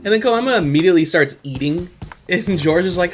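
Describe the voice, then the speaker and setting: A man's voice: sits high, lively intonation, a little fast, over music. A young man hosting a podcast, casually recapping an anime episode in a rambling, profane way and laughing often. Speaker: podcast host.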